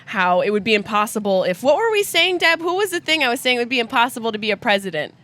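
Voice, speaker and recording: A woman's voice: on the high side, big pitch swings, quick pace, fairly bright tone. A woman in her thirties hosting a live podcast, bawdy and teasing in casual banter, laughing often. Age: 30s. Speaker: podcast host.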